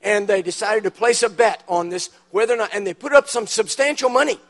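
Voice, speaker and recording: A man's voice: high-pitched, a little fast, a bit bright. A man preaching a sermon in a church, telling humorous stories and building to emphatic punchlines. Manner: storytelling with dramatic punchlines, emphatic rises. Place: church auditorium.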